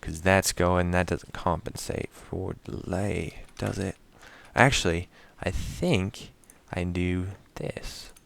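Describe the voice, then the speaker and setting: A man's voice: low voice, fairly even intonation, slow pace, vocal fry, few pauses. A man giving casual gameplay commentary while he builds, talking to himself, counting items aloud and explaining each step to his viewers.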